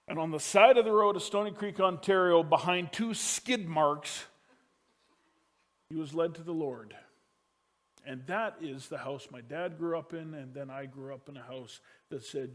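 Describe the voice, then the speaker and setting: A man who is a pastor, preaching a sermon that moves from loud emphasis down to hushed, quiet lines as he tells a family story. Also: fairly high pitch, normal speed.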